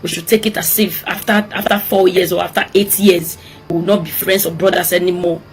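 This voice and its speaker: A woman's voice: lowish voice, level tone, fairly quick, faint music behind. A woman from Edo State with a Nigerian accent, making an emotional, pleading appeal for peace and repeating her words often.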